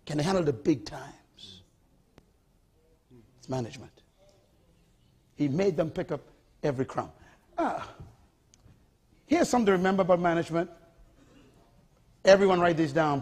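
A man delivers an emphatic sermon in a high, husky voice that leaps up and down in pitch. He repeats his key phrases and keeps calling on the congregation to answer back. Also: darkish tone. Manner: emphatic, repetitive, calls for audience response. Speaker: preacher.

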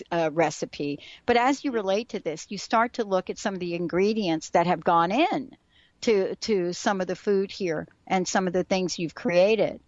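A woman's voice: medium pitch, no room sound, highs cut off. A woman hosting a radio talk show, chatty and effusive as she introduces her guest. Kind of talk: radio interview.

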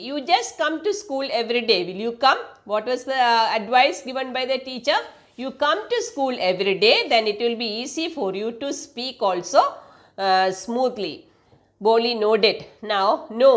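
A woman with a Malayali accent teaches an English story lesson, reading the text aloud slowly. Her voice sits fairly high. She stops often to explain words and corrects herself as she goes. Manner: slow, explanatory, with fillers and self-corrections.

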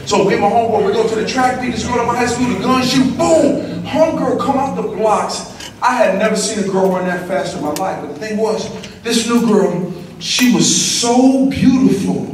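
High-voiced man hyping a big echoey hall. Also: moderate pace. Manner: energetic, slangy, call-and-response with the crowd. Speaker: motivational speaker. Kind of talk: school assembly motivational speech. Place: large echoey school auditorium. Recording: very echoey hall, distant mic, noisy.

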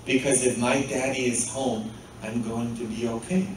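Priest preaching in an echoey church. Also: male voice, medium pitch, steady tone, moderate pace, slight background noise. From Poland. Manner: asks the congregation frequent rhetorical "hmm?" questions. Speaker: pastor. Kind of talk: sermon. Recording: very echoey church, mic far off.

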